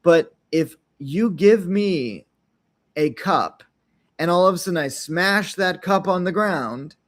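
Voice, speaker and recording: A man's voice: high-pitched, expressive, takes it slowly. A man hosting an unscripted podcast, talking in a loose, rambling way, often checking in with "right?" and briefly acting out little quotes. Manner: rambling, frequent tag questions, acts out little quotes. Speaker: podcast host.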